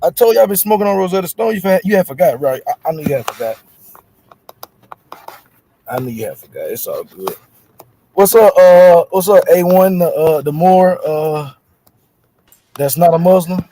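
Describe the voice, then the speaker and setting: A man's voice: high-pitched, expressive, normal speed, pauses often, mellow, slight background noise, low-quality recording. A man joining a livestream as a guest, joking around in playful banter. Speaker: stream guest.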